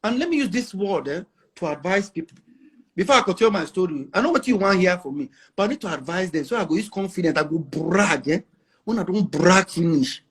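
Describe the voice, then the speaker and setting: A man's voice: high voice, animated, a little fast, fairly bright tone, breathy edge. A middle-aged Nigerian man with a Nigerian accent, talking casually as an interview guest, boastful and emphatic, mixing in pidgin. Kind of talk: casual chat.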